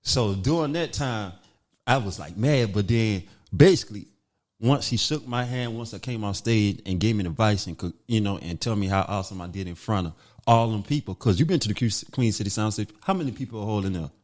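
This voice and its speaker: A man from North Carolina, a comedian guest telling a story in a casual, animated way and acting out what others said. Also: on the low side, fairly quick.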